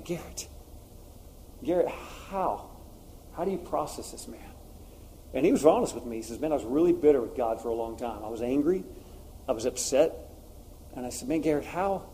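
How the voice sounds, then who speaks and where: A man's voice: mid-range voice, dark tone, a little hiss or hum. A man preaching a sermon, telling personal stories in an earnest, confessional way with frequent fillers.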